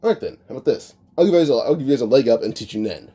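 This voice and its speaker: A man voicing a confident, smirking teenage boy hunter in his own mellow voice while retelling a fan story. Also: mid-range voice, lively intonation, very fast, natural voice. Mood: smug. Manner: smug, offhand.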